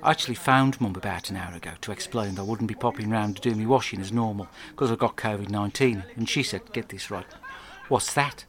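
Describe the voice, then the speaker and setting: A man with an English accent telling a crude comic diary monologue, rambling and deadpan. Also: fairly low pitch, quick pace, few pauses. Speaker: podcast host.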